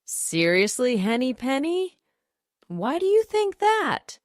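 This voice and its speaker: A woman's voice: sits high, sing-song, slow, no echo, studio quality, voice pushed up, full character voice. A woman voicing a doubtful young male duck in a storybook, questioning and skeptical.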